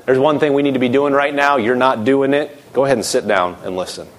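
A man's voice: medium pitch, fast. A middle-aged man preaching a sermon, emphatic, his voice rising and dropping sharply as he acts out quoted voices.

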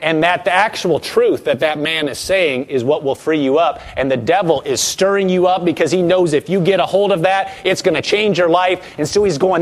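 A man preaching a sermon to a congregation, acting out quoted voices and reading scripture slowly. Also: sits high.

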